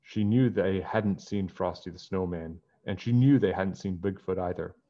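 A man reads a children's chapter book aloud in a steady, plain way, his voice on the low side. The recording is dull and lo-fi. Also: moderate pace. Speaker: storybook reader.

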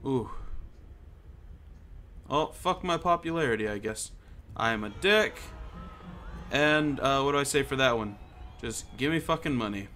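A man's voice: mid-range voice, lively intonation, slow, long pauses, a bit bright, a little hiss or hum. A man giving casual gameplay commentary, joking, swearing and muttering to himself as he plays. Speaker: gamer.

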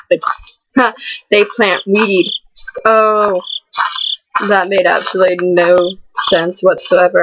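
A teenage girl rambling and giggling through horror game commentary, stuffed with fillers and breaking into panicky outbursts. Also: on the low side. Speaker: gaming channel host. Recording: dull lo-fi recording with clear background noise.

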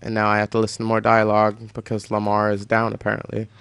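A man's voice: lowish voice, completely flat delivery, quick pace, creaky, a bit bright, clean tone, dry recording. Rambling teenage boy gamer. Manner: rambling, with many restarts. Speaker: gameplay commentator. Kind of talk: casual storytelling over gameplay.

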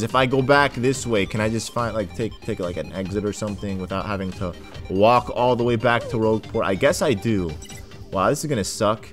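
A man casually commenting as he plays a video game and voices its characters. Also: on the low side. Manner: casual, lively, says dude a lot. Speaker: gaming video host. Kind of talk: casual let's play commentary.

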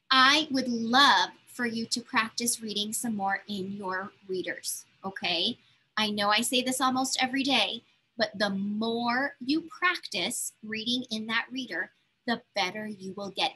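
A woman's voice: on the high side, pushed and bright, slightly rough. A woman teaching a recorded reading lesson to young children, patient and encouraging as she coaxes them along. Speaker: elementary school teacher.

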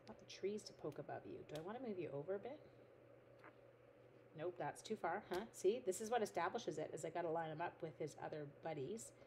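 A woman's voice: on the low side, fairly quick, darkish tone, slight background noise. A middle-aged woman hosting a craft livestream, chatting casually and talking to her materials as she works. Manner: chatty, reads out viewer comments, talks to her materials. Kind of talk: casual chat while making cards.

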